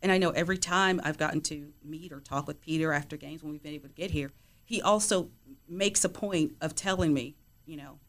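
A woman's voice: sits low, fairly quick. A middle-aged woman telling stories about her son in a casual podcast chat, with lots of "you know" fillers. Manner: warm storytelling, frequent "you know" fillers. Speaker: guest, player's mother.

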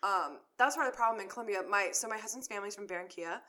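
Chatty young woman, bright and forward voice, rambling storyteller. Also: medium pitch, racing. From Chicago area. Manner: chatty storyteller, many "like" fillers, acts out quotes. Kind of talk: casual chat.

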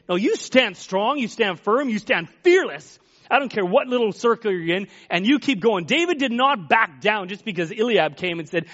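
A man's voice: sits high, lively intonation, fairly quick, fairly bright tone. A man preaching a sermon in a folksy, emphatic way, acting out Bible quotes as he goes. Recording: dull lo-fi recording.

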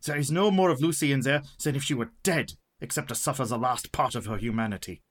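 An actor playing a stern, wise professor who hunts vampires, formal and commanding, in radio drama style. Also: male voice, mid-range voice, fast talker, lightly acted.

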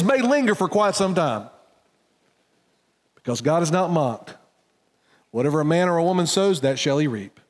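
Man, pastor, earnest sermon, emphatic then hushed, slightly high pitch, reverberant sanctuary. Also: very animated, normal speed, pauses often. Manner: earnest, preacherly, swings from loud emphasis to hushed low tones. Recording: church hall reverb.

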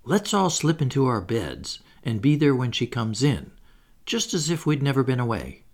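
A man voicing a motherly young girl, soft and faltering. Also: medium pitch, big pitch swings, moderate pace. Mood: earnest.

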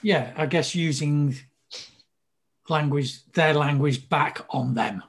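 A man with a somewhat higher, husky voice hosts a relaxed interview. He speaks thoughtfully and hedges his points. He often ends with tag questions to check that he has understood. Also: slow. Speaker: host, interviewer. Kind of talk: conversational interview.

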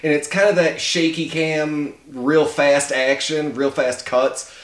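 A man's voice: fairly high pitch, steady tone, slow pace. Enthusiastic man talking movies in an echoey room. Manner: enthusiastic, swears and laughs often. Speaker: podcast co-host. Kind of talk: casual movie discussion.

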